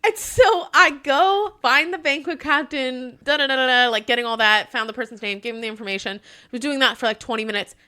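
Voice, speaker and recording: A woman with a Texan accent, co-hosting a casual podcast and telling a work story in an animated way, acting out quotes and laughing often. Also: high-pitched, brisk. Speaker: podcast co-host.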